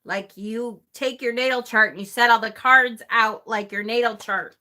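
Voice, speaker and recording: A woman's voice: fairly high pitch, fairly even intonation, moderate pace, bright, forceful tone. A woman hosting a live stream in a chatty way, laughing often as she reads aloud and answers her chat. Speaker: host of a tarot channel.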